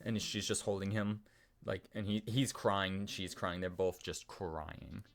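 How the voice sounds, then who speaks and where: A man's voice: low voice, fairly even intonation, measured pace. A man narrating a tabletop game as dungeon master, rambling loosely and making sound effects.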